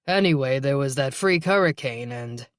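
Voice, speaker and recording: A man's voice: mid-range voice, animated, normal speed, no echo, lightly acted. A man voicing a teasing, easygoing male police detective partner in an audiobook, with dry humor.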